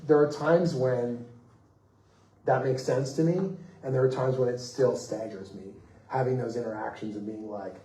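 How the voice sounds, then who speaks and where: A man, a comics writer on a festival panel, telling anecdotes in a lively way, acting out the people he quotes and laughing as he goes. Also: mid-range voice, moderate pace, distant mic. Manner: animated, acts out quoted voices, laughs mid-story. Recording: roomy echo, voice off-mic.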